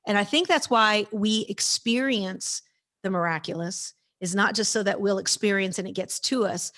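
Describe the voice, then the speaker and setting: Energetic woman telling a faith testimony. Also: mid-range voice, moderate pace. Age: 50s. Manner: energetic, emphatic storyteller who acts out quoted lines. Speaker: guest speaker. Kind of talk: testimony storytelling in an interview.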